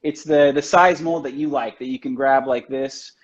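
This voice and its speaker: A man's voice: medium pitch, steady tone, moderate pace. A man on a video call, telling stories about his work in a loose, chatty way and filling his talk with "like" and "you know". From United States. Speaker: chocolatier guest. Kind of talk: casual storytelling chat. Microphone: video call from home. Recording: dull lo-fi livestream audio.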